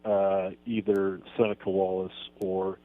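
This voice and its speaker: A man in a sports radio debate, talking with deadpan mock seriousness and stammered restarts. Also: low voice, measured pace. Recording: muffled dull broadcast audio.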